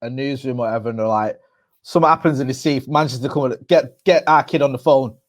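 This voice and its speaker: A man's voice: medium pitch, quick pace. A man co-hosting a podcast in casual chat, telling stories with plenty of swearing. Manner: chatty storyteller, laughs and swears. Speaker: podcast co-host.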